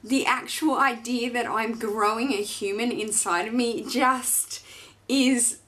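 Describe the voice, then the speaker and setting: A woman's voice: a little high, steady tone, slow, fairly bright tone. A woman in her thirties, a fashion vlogger, talking in a gushing, chatty and emotional way as she unboxes and shares personal news. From Australia. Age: 30s.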